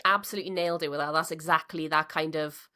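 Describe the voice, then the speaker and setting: A woman podcast host with a somewhat low voice, chatting casually and swearing freely. She gushes with enthusiasm about what she loves, and she is just getting over a cold. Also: steady tone, quick pace, sharp tone. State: recovering from a cold. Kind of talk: casual interview chat.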